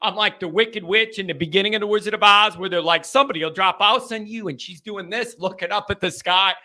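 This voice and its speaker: A man hosting a live call-in sports show, chatting casually and telling stories in animated, rambling bursts. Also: sits high, a little fast. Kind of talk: casual live-stream chat and storytelling.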